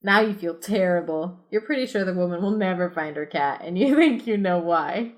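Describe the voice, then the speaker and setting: A podcast reader with a voice on the low side works through a choose-your-own-adventure tale at a moderate pace. Giggly and sarcastic, she interrupts the story with joking side comments.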